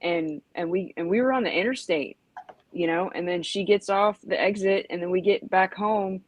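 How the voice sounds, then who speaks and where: A woman's voice: mid-range voice, moderate pace, dry recording, poor audio. Chatty woman in her forties. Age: 40s. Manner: rambling, lots of "you know" and "like", acts out yelps. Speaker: podcast host. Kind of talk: casual storytelling chat.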